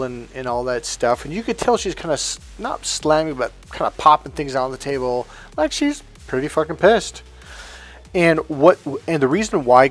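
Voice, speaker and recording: A man and dating coach telling a casual anecdote in a rambling, profane way, with many restarts. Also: fairly high pitch.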